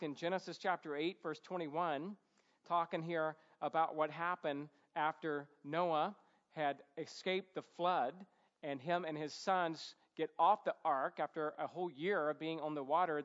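A man's voice: fairly high pitch, a bit bright. A man preaching a sermon in a conversational way, with humorous asides and rhetorical questions to the congregation. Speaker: pastor. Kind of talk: expository sermon. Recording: dull, echoey church hall sound.

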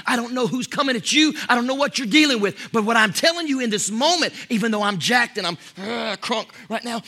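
A man delivering a fired-up sermon in a high, very bright voice. He shifts from near-shouting to soft whispers and stumbles into quick restarts and repeated words as he builds momentum. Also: breathy edge. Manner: animated, shifting between loud exclamations and soft whispers. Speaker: pastor. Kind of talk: energetic sermon.

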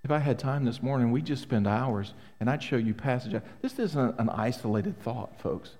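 A man's voice: mid-range voice, expressive, moderate pace, a little mellow. Middle-aged guy preaching, punchy, keeps asking the congregation questions, big echoey church sound. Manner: emphatic, rhetorical questions to the congregation. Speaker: pastor. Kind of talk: sermon. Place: church sanctuary. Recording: long hall reverb.

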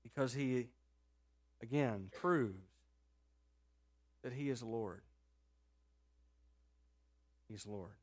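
A man preaching a sermon in a conversational, animated storytelling manner, rising sharply in pitch and loudness at times and dropping to a soft low voice for quoted words. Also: very slow, long pauses. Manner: drops to a soft, low voice when quoting Jesus. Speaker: pastor.

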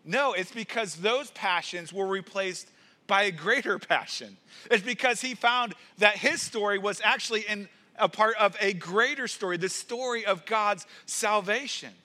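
A pastor preaches with earnest conviction, his voice pitched high for a man. His tone is bright and forward, and he often doubles words as he drives a point home. The delivery is a sermon through and through. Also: normal speed. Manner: earnest preaching with rising emphasis and repeated words.

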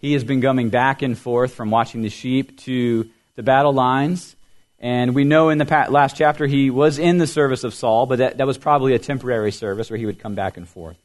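A middle-aged man pastor preaching a sermon, explaining things clearly and quizzing the children with riddles. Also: mid-range voice, steady tone, a little fast.

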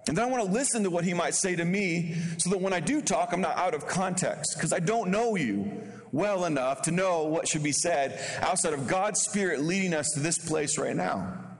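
A man preaches in a fairly high voice, talking to his congregation like friends. He leaps into loud acted-out lines, then drops back to a soft, casual tone. A long church-hall reverb trails behind every phrase. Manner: animated, acts out bold voices with sharp pitch jumps; conversational, casual slang. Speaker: guest pastor. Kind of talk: sermon.

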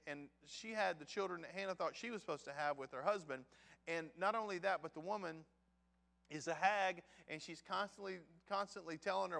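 A man's voice: on the high side, vocal fry, a bit bright. A man preaching a sermon in a conversational, storytelling way, talking straight to the men in the room. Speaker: pastor. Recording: long hall reverb.

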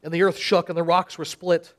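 A man's voice: fairly high pitch, flat delivery, a little fast. A man preaching in a church service, reading scripture dramatically and then explaining it. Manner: dramatic reading with emphatic quoted speech.

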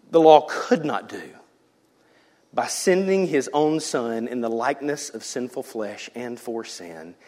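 A male pastor preaching a sermon, swinging between shouted lines and hushed whispers. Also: medium pitch. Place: church sanctuary. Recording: church hall reverb.

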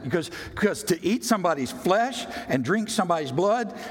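A man preaching a sermon as a pastor, emphatic, swinging from loud bursts to quiet, drawn-out words. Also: sits high, sing-song, slightly rough. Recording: long reverb of a large hall.

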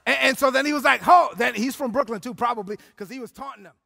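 A man preaching a sermon as pastor, telling a story with animated energy and frequent shouting. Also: extremely high pitch, fast, creaky, big-room sound.

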